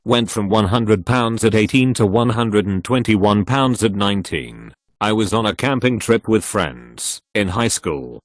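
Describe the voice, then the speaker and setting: A man narrating online posts aloud, reading the text literally and even spelling out links and web slang. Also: on the low side, no room sound, clean studio sound.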